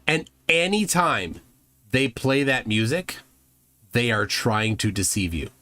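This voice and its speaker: A man hosting a casual reaction show, sarcastic and quick to laugh loudly at what he watches. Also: medium pitch. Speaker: host reacting to videos. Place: home room with a fan running.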